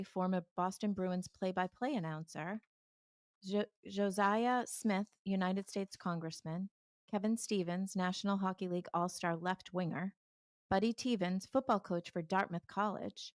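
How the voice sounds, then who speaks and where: A woman's voice: mid-range voice, normal speed, no room sound, clean studio sound. A woman co-hosting a real estate show, reading lists of names and stumbling now and then. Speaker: real estate podcast co-host. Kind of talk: casual chat.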